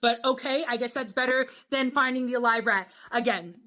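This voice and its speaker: A young adult woman telling a casual storytime and acting out her own reactions with animated energy. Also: a little high, brisk.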